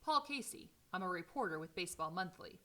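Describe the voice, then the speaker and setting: A woman's voice: lowish voice, animated, a little fast, pushed and bright. Woman reading a guarded, polite grown son. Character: guarded middle-aged man, first-person narrator.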